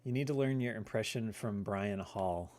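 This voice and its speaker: A man's voice: lowish voice, normal speed, darkish tone. Chatty man in his thirties streaming. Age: 30s. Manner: rambling, chatty, answers chat questions. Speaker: livestream host. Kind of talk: casual chat on a gaming livestream.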